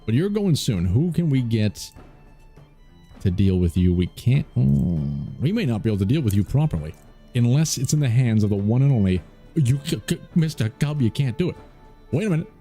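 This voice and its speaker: A man's voice: medium pitch, big pitch swings, normal speed, warm tone, soft background music. A man streaming a strategy game, joking playfully and laughing often as he comments on his moves. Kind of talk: casual let's-play commentary.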